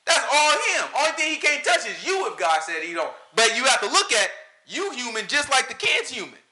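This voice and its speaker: Lively, bright-voiced man preaching casually. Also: extremely high pitch, fairly quick. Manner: animated, talks to the room, mimics pastors. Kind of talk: casual sermon.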